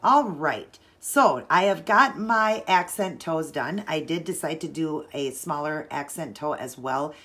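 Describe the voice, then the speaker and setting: A woman with a notably low voice walks through a nail art design step by step. She chats casually and explains each move as she works, relaxed and unhurried. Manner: chatty, relaxed, explains while working.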